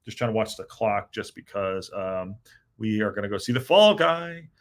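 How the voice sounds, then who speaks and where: A man from the United States with a lowish, expressive voice at normal speed hosts a casual live-stream podcast. He reads the chat aloud and rambles with lots of fillers and restarts.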